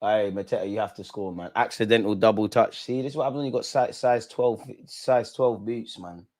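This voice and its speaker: A young man hosting a live football watch-along, chatting in street slang and shouting when goals go in. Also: on the low side, steady tone, brisk.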